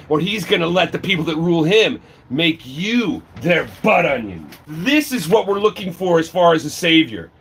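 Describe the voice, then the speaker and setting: A man delivering a profane, angry rant to the camera, often shouting and mocking. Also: extremely high pitch, husky. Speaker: video creator.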